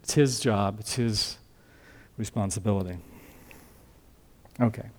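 A man's voice: fairly low pitch, unhurried, darkish tone, a little hiss or hum. An older man preaching a sermon as a pastor, teaching from scripture in a conversational way and asking the congregation questions.

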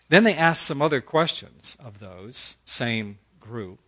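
A man's voice: mid-range voice, animated, normal speed, hardly any pauses, pushed and bright. A middle-aged man teaching a Bible study in a conversational preaching style, earnest and folksy, acting out quotes as he goes.

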